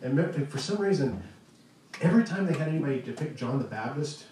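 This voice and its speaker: A man preaching a conversational sermon as pastor, earnest, with pauses and restarts. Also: on the high side, lively intonation, dark tone. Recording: echoey room, distant mic, faint noise.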